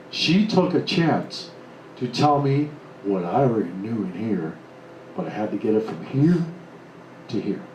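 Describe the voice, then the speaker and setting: Guy doing a live motivational talk, blunt, acts out quotes, roomy echo, some background hiss. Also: medium pitch. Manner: blunt, animated storytelling with acted-out quotes. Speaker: motivational speaker. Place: room with a live audience. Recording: echoey room, mic at a distance, faint noise.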